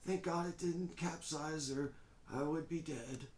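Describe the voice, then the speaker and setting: A timid, fumbling old man, put on by a man running the game, with a voice pushed higher and quieter than the narrator's own. He falters and repeats his words, as if unsteady. It sounds a little distant, in an echoey room. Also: fairly even intonation, unhurried, close to an everyday voice. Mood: frail, fretful. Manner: faltering, stammering speech.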